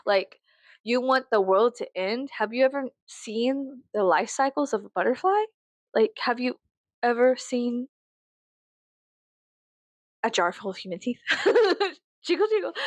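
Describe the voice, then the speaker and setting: A woman's voice: sits high, lively intonation, normal speed, dry recording. A woman in her thirties from South Texas, rambling in a casual, profane, giggly monologue that swings to sarcastic mockery. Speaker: vlogger.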